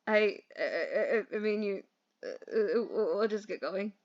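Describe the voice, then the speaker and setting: A deadpan, cheeky talking phone from a dating game, as a woman voices it in a voice pitched lower than her own. Its delivery is casual and dry, and it is heard through a muffled, low-fi mic. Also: a little slow, natural voice. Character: laid-back crude talking phone, the player character.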